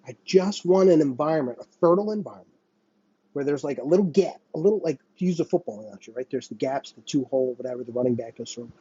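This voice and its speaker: A man's voice: medium pitch, quick pace, warm tone, slightly rough, no echo, lo-fi sound. A young man hosting a solo podcast, ranting in a heated, sarcastic and profane way. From United States. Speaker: podcast host.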